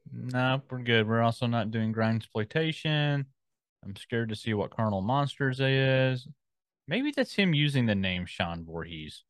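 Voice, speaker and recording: A man's voice: medium pitch, fairly bright tone, no echo. A man co-hosting a podcast in casual chat, rambling as he scrolls and reads out film listings. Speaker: podcast co-host.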